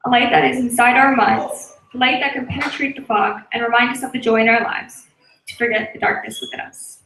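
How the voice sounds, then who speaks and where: A woman reading a reflective prose poem aloud in an earnest, measured way. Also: fairly high pitch, a bit bright. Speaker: spoken word performer. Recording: echoey room.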